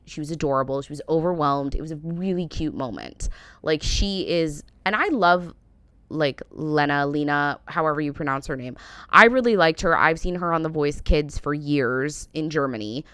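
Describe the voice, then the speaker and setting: American woman in her 30s, low smooth voice, says like a lot, dry close sound. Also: animated, moderate pace, pushed and bright, no room sound. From United States. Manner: rambling, heavy use of "like" and "um". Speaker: reaction vlogger. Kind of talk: casual opinionated chat.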